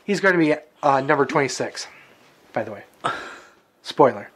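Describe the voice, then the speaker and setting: A man's voice: medium pitch, animated, moderate pace, fairly bright tone. A man co-hosting a wrestling podcast in casual chat, swearing freely and laughing often. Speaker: podcast co-host.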